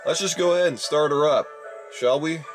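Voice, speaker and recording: A young man in his twenties giving casual, rambling video commentary, exasperated and addressing his viewers as ladies and gentlemen. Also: on the high side, fairly quick, over music. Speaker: YouTuber reviewing a DVD player.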